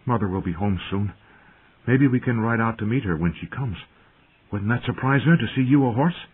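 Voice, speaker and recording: Casting note: a man playing a young hot-blooded lord, voice lifted high above his own, earnest, on a tinny line. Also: animated, moderate pace, husky. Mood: tender, hopeful. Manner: earnest, raised in anger, hushed when tender. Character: proud hot-tempered young lord, an older brother. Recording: narrow phone-like sound.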